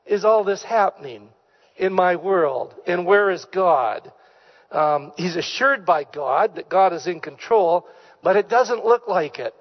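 A pastor preaching a sermon in church, with emphatic delivery, repeated key phrases and questions put to the congregation. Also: male voice, a little high, in a large hall, lo-fi sound. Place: church sanctuary.

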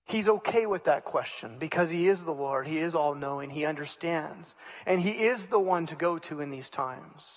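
A man with a high voice preaches a sermon in a church. He is earnest and often repeats himself. When he voices a prayer, he turns pleading. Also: lively intonation, normal speed, big-room sound. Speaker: pastor.

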